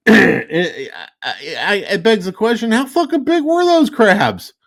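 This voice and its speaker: Lively, slow-talking man swearing casually. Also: high voice. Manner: profane, breaks into helpless laughter. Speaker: podcast co-host. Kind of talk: casual podcast chat.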